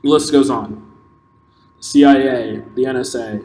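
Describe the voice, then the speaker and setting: A man's voice: mid-range voice, fairly even intonation, moderate pace, a little mellow. A man hosting a podcast, giving an impassioned solo opinion monologue that halts and restarts as he thinks aloud. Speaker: podcast host. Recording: echoey room with long reverb and faint noise.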